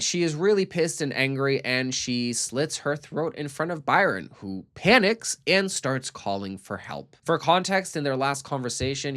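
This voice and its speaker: A man giving a sarcastic, profane recap of a TV show, swinging from flat asides to loud outbursts. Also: mid-range voice. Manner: snarky, profane, mocking. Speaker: TV recap commentator.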